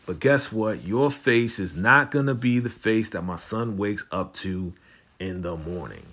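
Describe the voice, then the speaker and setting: A man's voice: fairly low pitch, unhurried, fairly bright tone. A man quoting a cold, scheming older man. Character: scheming older man, a father pressuring a rival.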